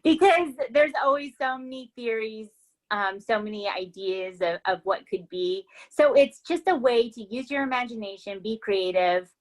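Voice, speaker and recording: A woman from the United States hosting a casual podcast, enthusiastic and quick to laugh. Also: fairly high pitch, rough recording. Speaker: podcast host.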